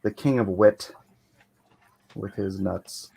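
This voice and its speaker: This livestream host rambles and laughs a lot in a laid-back chat picked up by a computer mic on a video call. He speaks slowly in a lowish, mellow, husky voice with vocal fry.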